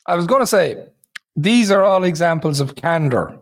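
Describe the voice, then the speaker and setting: A man co-hosting a podcast in casual chat, setting up topics and handing over to others in a measured way. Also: on the high side, animated. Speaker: podcast co-host.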